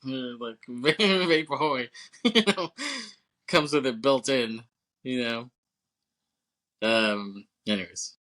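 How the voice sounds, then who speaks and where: A man with a bright, forward voice chats casually on a movie podcast. He laughs often, swears freely and acts out bits of the film as he retells it. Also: medium pitch, slow, pauses often. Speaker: podcast co-host.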